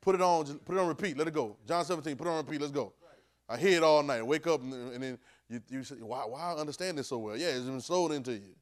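A man teaching a class in a relaxed, talky sermon style, pitched a little high. He keeps checking in with his listeners and swings between quiet asides and loud outbursts. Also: fast talker. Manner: call-and-response, keeps asking "right?"; swings from low murmur to sudden loud bursts. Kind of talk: conversational sermon.

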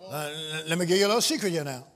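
A man preaching a sermon to a live congregation, calling out questions, teasing the listeners and rising into shouts. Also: fairly high pitch, very fast. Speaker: pastor. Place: church before a live congregation.

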